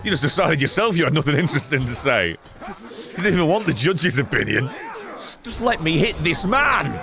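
A man's voice: on the high side, big pitch swings, moderate pace, music in the background. A man streaming a game live, commenting sarcastically, talking back to the characters on screen and swearing often.

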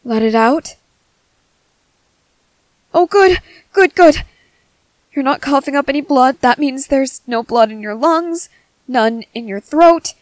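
A woman voicing an anxious young male soldier tending a wounded companion, soft and over-apologetic, in a whispered role-play. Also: high-pitched, moderate pace, dry recording, natural voice, rough recording. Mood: worried.

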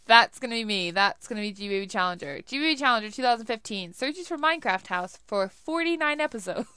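A young woman narrates her gameplay in a clear, bright voice, chatty and often laughing at herself. Her speech is smooth and crisp, with a dry, close sound. She talks at an easy, unhurried pace. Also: a little high, expressive, dry recording. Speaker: let's play gamer. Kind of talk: casual gameplay commentary.

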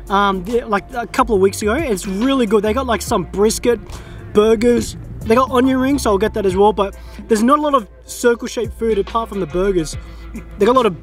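A young Australian man chatting casually to camera outdoors while trying food, easygoing and talkative. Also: sits high. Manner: chatty, easygoing, drawn-out mm sounds while tasting. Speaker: food vlogger. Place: quiet open field outdoors.

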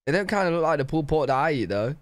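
A man's voice: on the high side, lively intonation, rapid-fire, slight background noise. A young man from Britain reacting to a travel video in casual commentary, joking and laughing between remarks.

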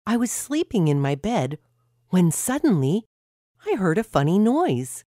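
A woman narrating a children's story aloud in an expressive, clear reading voice. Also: fairly low pitch, unhurried, dry recording, studio quality.

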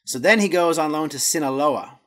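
Brisk and a bit bright, with a fairly high pitch, a podcast host works casually through his notes. He makes jokey asides along the way and stumbles over Spanish words.

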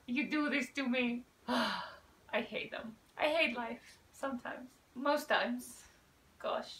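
A woman giving excitable, swearing reaction commentary, ranting in exasperation. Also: fairly high pitch, distant mic, slight background noise. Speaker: reaction video creator. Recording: roomy sound from off the mic, faint ambience.

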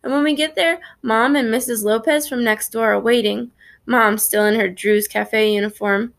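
A woman's voice: on the high side, fairly even intonation, moderate pace, gravelly. A woman narrating a children's story in the first person, reading expressively. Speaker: audiobook narrator.

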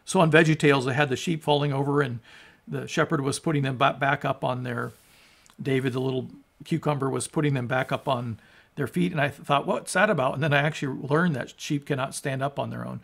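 A man's voice: medium pitch, steady tone, a little fast, vocal fry. A man preaching a sermon as a pastor, emphatic and conversational, asking his listeners rhetorical questions. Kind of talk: sermon on scripture.

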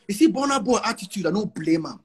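Nigerian man in his 40s with a Pidgin-laced accent, boastful interview guest, high husky voice with lively swings. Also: fast talker. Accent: Nigerian English with Pidgin. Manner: emphatic, repeats himself, mixes in Pidgin.

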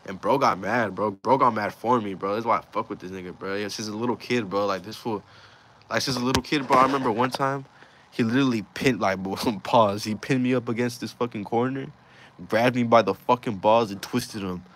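A man's voice: lowish voice, brisk, fairly bright tone, slight background noise. A young man casually telling a rambling personal story, full of slang and swearing. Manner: slangy, profane, rambling retelling.

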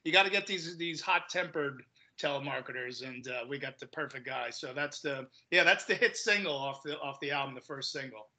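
Bright, lively man telling prank stories. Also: medium pitch, a little fast, rough recording. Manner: animated, acts out quoted voices; repeats words as he restarts. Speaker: guest comedian. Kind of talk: casual podcast chat, storytelling.

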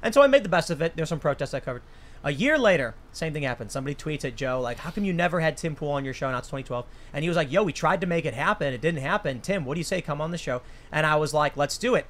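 A man's voice: fairly high pitch, racing. A man in his thirties hosting a casual chat, telling a rambling story and acting out the quotes. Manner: rambling, animated, acts out quotes. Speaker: host.

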